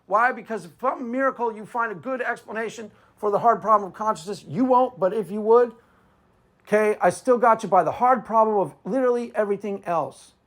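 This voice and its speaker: A man's voice: sits high, a bit bright. A man giving a combative, sarcastic monologue on philosophy, often asking himself "why?" before answering. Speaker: apologetics commentator. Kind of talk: argumentative monologue.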